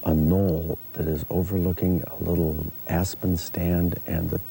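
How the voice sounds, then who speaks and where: A man giving a calm, matter-of-fact report outdoors on a wooded knoll. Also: sits low, unhurried, creaky, a little hiss or hum. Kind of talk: on-location report. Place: outdoors on a knoll over woods.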